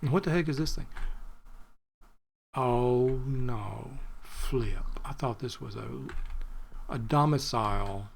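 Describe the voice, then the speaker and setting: A man's voice: mid-range voice, takes it slowly, vocal fry, long pauses. A man giving rambling, chatty commentary while playing a video game, thinking aloud and drifting off topic. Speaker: gaming video creator. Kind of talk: rambling let's-play commentary.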